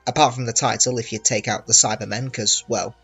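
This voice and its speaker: A man's voice: mid-range voice, steady tone, fairly quick, a bit bright, husky, faint music behind. A man narrating a scripted review, opinionated and wry, with emphatic stresses. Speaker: video reviewer.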